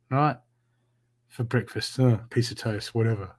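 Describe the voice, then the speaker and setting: A man doing live-stream card readings, talking warmly and repetitively to viewers by name. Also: medium pitch, normal speed. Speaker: psychic reader.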